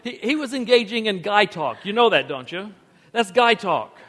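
A man co-hosting a teaching talk on marriage, explaining with animated humor. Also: high voice, normal speed, in a large hall.

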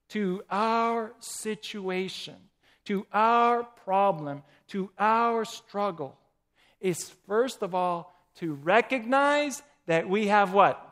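A man's voice: sits high, takes it slowly, a bit bright. A man preaching a sermon, asking the congregation questions and reading quotations aloud.

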